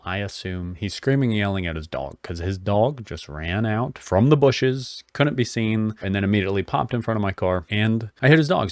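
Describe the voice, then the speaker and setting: A man's voice: lowish voice, dry recording, clean studio sound. A middle-aged man telling a personal story in a casual, earnest way. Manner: earnest, plain storytelling with many restarts. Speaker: vlogger.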